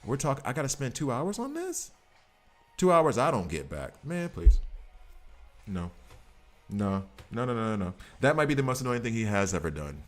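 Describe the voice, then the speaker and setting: A man's voice: mid-range voice, faint music behind. A man streaming a game, chatting casually in a rambling, jokey way. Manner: animated, rambling, jokey, breaks into quick voices. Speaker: gaming streamer. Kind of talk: casual chat while gaming.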